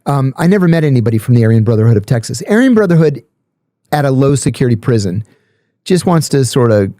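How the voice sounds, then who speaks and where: A middle-aged man casually tells stories on a podcast, animatedly acting out the voices of the people he quotes. His voice is medium-pitched and quick, and the recording is dry.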